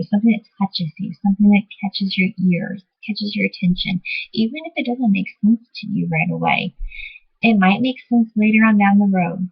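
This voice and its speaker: Husky-voiced woman rambling through a lesson. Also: medium pitch, dull audio. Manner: rambling, many fillers and self-corrections. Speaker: vlogger teaching divination. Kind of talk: casual explanatory talk to camera.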